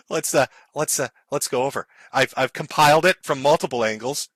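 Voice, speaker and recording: A man's voice: medium pitch, normal speed, fairly bright tone, no echo. A man giving mocking, sarcastic livestream commentary, laughing often and apologizing in mock seriousness. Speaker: streamer.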